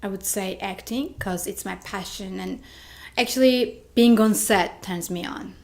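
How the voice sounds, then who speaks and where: An eager young woman from Georgia answers interview questions in short, simple phrases. She leans on "you know" again and again. Her pitch sits mid-range for a woman. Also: a little slow, vocal fry, a little mellow. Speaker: actress, interview guest.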